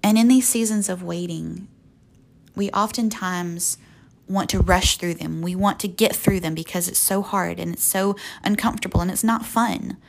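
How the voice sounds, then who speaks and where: A woman's voice: on the low side, normal speed, gravelly. A young woman speaking earnestly and folksily as the host of a faith podcast. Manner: earnest, folksy, with soft laughs.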